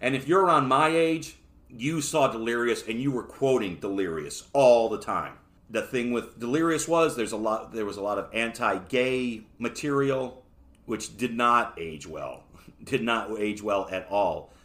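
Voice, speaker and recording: A man's voice: medium pitch, expressive, measured pace, a bit bright. A man hosting a solo podcast, reviewing a book in a casual, rambling way with joking asides. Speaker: podcast host.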